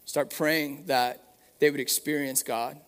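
A man's voice: fairly high pitch, little pitch movement, slow pace, a bit bright, clean tone. A man preaching a sermon in an earnest, conversational way, with fillers and restarts. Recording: long hall reverb.

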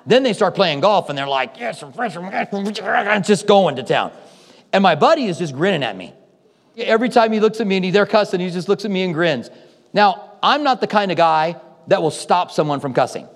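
A man's voice: high-pitched, lively intonation, a little fast. A man preaching a sermon as a pastor, telling stories in a conversational way and acting out what people said. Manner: conversational storytelling with acted-out quotes. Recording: hall reverb.

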